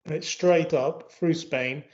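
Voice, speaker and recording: A man's voice: on the high side, slow, darkish tone. A man from England co-hosting a casual chat, telling anecdotes in a chatty storytelling way. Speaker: co-host. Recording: dull lo-fi sound.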